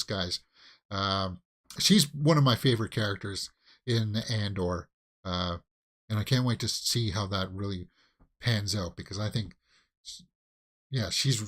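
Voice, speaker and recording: A man hosting a casual live movie news stream, talking loosely with many fillers and restarts and breaking into exclamations. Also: medium pitch. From Canada. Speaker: host of a movie news channel.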